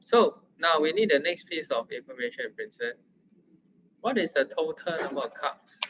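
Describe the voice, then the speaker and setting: A man's voice: a little high, lively intonation, normal speed, background noise. Playful Singaporean man tutoring math. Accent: Singaporean English. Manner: playful, teasing, coaxing. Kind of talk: casual tutoring session. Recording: dull lo-fi sound.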